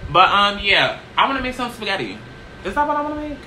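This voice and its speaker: A woman chatting casually in a get-ready-with-me vlog, brash and profane, tossing in "okay?" constantly while seated low in a small chair. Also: huge pitch swings, quick pace, noisy background. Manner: brash, profane, sassy, keeps asking "okay?". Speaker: YouTuber.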